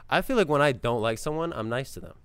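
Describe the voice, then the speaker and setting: A man's voice: medium pitch, lively intonation, fast, smooth, no room sound. A man in his twenties, a guest comedian in casual chat, blunt and crude with short wisecracks. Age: 20s.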